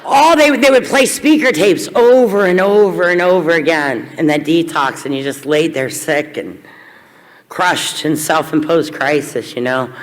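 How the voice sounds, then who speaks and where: A woman's voice: sits low, a little slow. Candid woman in a reverberant hall. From Kentucky. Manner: candid, blunt, self-deprecating humor. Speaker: recovery meeting speaker. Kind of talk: personal testimony talk to a crowd.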